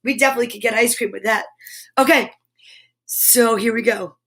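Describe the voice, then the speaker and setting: A woman with a high voice hosts a live stream from home. She is bubbly and exclamatory, chatting with her viewers and reading their comments aloud. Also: brisk, fairly bright tone. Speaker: host of a live comedy stream.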